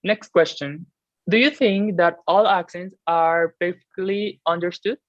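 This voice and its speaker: A woman's voice: fairly low pitch, steady tone, a little slow, no echo. A woman interviewing classmates, reading her questions carefully with small restarts. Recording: dull lo-fi recording.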